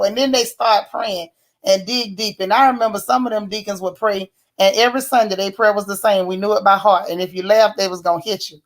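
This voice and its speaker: Black woman roasting a tv show on stream, sassy, mid-pitched, acts out the quotes. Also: brisk. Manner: sassy, animated storytelling with mock quotes. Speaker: YouTube TV show reviewer. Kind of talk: casual live-stream recap talking to chat.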